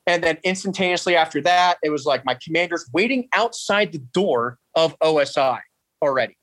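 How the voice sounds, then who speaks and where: A man's voice: on the high side, animated, fairly quick, fairly bright tone, no echo. A man in his thirties, a podcast guest, telling his story bluntly and animatedly, swearing freely. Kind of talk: casual storytelling interview.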